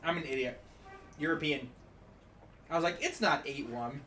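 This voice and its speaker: A man's voice: on the high side, normal speed, bright, forceful tone, reverberant, slight background noise. A man co-hosting a game stream, cracking jokes and laughing often. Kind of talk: let's play commentary. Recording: distant from the mic with faint music.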